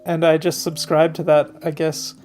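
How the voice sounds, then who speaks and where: A man's voice: on the high side, level tone, normal speed, a little mellow, faint music behind. A man co-hosting a podcast in casual chat, joking in a dry, playful way. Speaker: podcast co-host.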